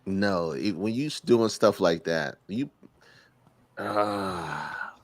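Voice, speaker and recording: A man co-hosting a podcast, chatting casually in a slangy, animated way and laughing often. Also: sits low, takes it slowly, no echo. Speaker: podcast co-host. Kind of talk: casual chat.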